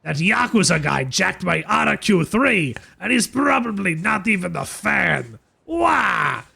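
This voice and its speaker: A man's voice: high-pitched, very animated, slow, creaky, pushed and bright, slightly rough, heavily acted. A man doing a whiny cackling thug. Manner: nasal cackling cartoonish wailing. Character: whiny petty male street thug.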